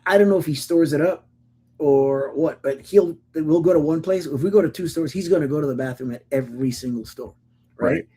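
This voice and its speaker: Co-hosting a laid-back podcast, this middle-aged man has a dark, mellow voice that runs a little high, fairly quick, and husky. His casual storytelling is full of stammered restarts and lively acted-out quotes of other people.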